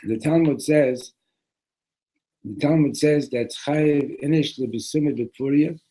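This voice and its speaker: A man teaching a classroom lesson on a religious text, animated, often restarting and repeating words. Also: a little high, measured pace, low-quality recording.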